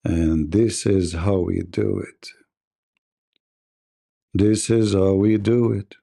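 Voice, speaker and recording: A man's voice: sits low, fairly even intonation, slow, gravelly, mellow. A man hosting a livestream debate, delivering a mocking, combative monologue.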